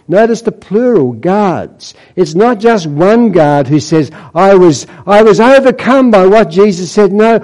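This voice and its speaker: A man's voice: sits high, darkish tone, poor audio. A man preaching a sermon in a church, telling Bible stories and quoting scripture with dramatic emphasis.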